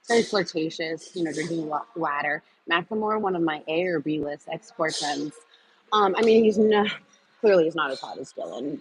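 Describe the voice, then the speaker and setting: A woman with a low voice chats through a casual livestream, hopping between topics, reading and answering viewer comments, and trailing off with plenty of fillers in a scattered way. The recording is rough with slight background noise.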